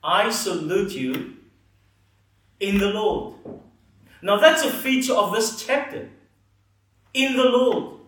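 A man preaching a sermon, earnest and emphatic, letting his phrases fall soft at the ends. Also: sits high, expressive, slow pace, pauses often. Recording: echoey hall, mic at a distance.

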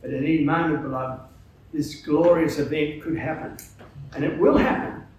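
A man preaching a sermon in a hall, earnest and emphatic, often pausing with "uh". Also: on the high side, fairly even intonation, darkish tone, highs cut off. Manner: earnest, emphatic, with frequent hesitations. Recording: very echoey hall, distant mic, faint noise.

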